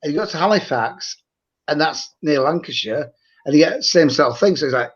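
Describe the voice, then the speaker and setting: A man chatting casually, halting and repeating his words. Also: on the high side, expressive, husky, highs cut off. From Bradford, England. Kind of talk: casual chat.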